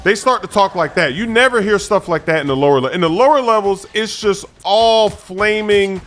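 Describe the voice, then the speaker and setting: High-voiced man commenting on gameplay. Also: moderate pace. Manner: animated, chatty, repeats for emphasis. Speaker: gaming YouTuber. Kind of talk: gameplay commentary over footage. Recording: faint background music.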